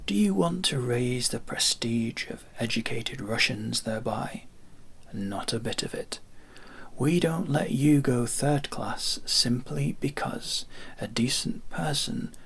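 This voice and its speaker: A man's voice: medium pitch, lively intonation, slow pace, creaky, fairly bright tone, slightly rough, heavily acted. A man playing a sardonic, scornful sick passenger. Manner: mocking, sardonic.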